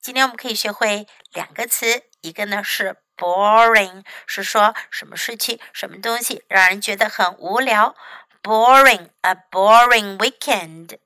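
A woman whose native language is Chinese, teaching English as a teacher and reading lines aloud with clear, careful enunciation. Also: mid-range voice, a little slow, bright, forceful tone, no room sound, rough recording. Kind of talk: bilingual read-aloud lesson.

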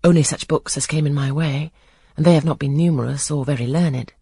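A reader voicing a composed, frank young woman in an audiobook of a classic novel, answering in calm, measured sentences. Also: mid-range voice, gravelly, husky, dry recording.

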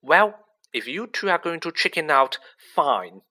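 A man doing a shrill, bossy schoolgirl. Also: unhurried, exaggerated voice. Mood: indignant. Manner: breathless, excited.

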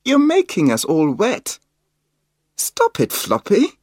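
A man's voice: high-pitched, huge pitch swings, slow pace, a little mellow, dry recording, studio quality, voice pushed up, heavily acted. A man putting on a cheerful storybook mum. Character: mother, cheerful and reassuring.

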